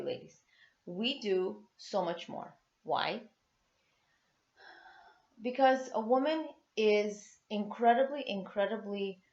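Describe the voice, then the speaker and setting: A woman's voice: mid-range voice, darkish tone. A woman speaks earnestly to other women about marriage, stressing points by repeating words. Her voice sits in the middle of the range. The recording is roomy and echoing, with a muffled, lo-fi sound. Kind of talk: motivational talk to women. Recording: echoey, dull lo-fi sound.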